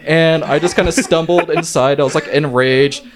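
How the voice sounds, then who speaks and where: A man telling a casual story on a podcast, laughing often, swearing and loudly acting out quotes. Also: a little high, normal speed, a crowd in the background. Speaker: podcast guest. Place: living room in a house.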